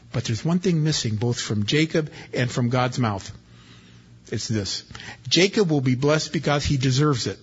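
A man's voice: a little high, expressive, measured pace, husky. A male pastor preaching an expository sermon in a folksy, country-preacher manner, reading scripture aloud and then explaining it. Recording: dull lo-fi recording.

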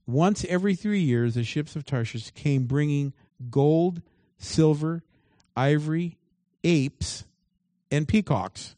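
A man's voice: medium pitch, lively intonation, unhurried, warm tone, no echo. A man preaching a sermon as pastor. He reads scripture aloud and breaks off into emphatic asides.

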